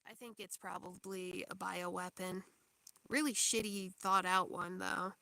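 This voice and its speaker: A woman's voice: lowish voice, fairly even intonation, a little slow, gravelly, bright, forceful tone, no room sound. A young woman hosting a livestream, chatting casually in a rambling way, full of fillers and small laughs. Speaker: livestream host. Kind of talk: casual chat.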